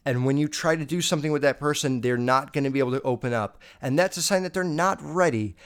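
A man's voice: a little high, fast talker, clean tone. A young man hosting a podcast, answering listener questions in a crude, rambling way with lots of swearing. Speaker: podcast host.

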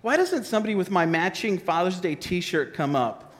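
A man in his forties preaching a sermon, his voice pitched high and lively as he jokes with the congregation. He talks in a loose, conversational way on a worn mic. The sound carries a long reverb from a large church hall. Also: moderate pace. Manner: animated, joking, conversational. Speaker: pastor. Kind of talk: sermon with a live demonstration. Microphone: wearing a mic.

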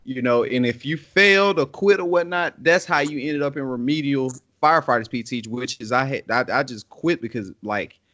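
A man's voice: mid-range voice, moderate pace, few pauses, fairly bright tone. A man co-hosting a casual chat, talking loosely with lots of fillers and slang. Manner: loose, rambling talk with many fillers and slang. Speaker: podcast co-host. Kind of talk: casual conversation. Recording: dull lo-fi audio.

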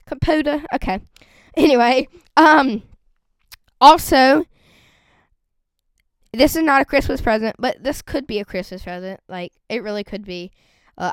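A teenage girl chatting casually on a podcast, rambling and excitable, with a voice that cracks. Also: fairly high pitch, clean tone, no room sound. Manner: rambling and excitable, lots of fillers. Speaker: vlogger.

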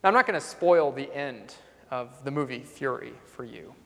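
A man's voice: mid-range voice, lively intonation, moderate pace, creaky. Earnest male pastor in a reverberant hall. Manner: earnest storytelling, repeating a refrain. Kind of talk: sermon. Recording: long reverb in a large hall.

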